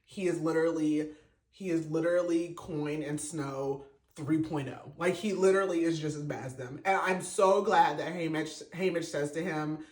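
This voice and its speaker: A man's voice: on the high side, fairly even intonation, normal speed. A man hosting a podcast, giving a casual, emotional book review full of fillers and restarts. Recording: roomy echo.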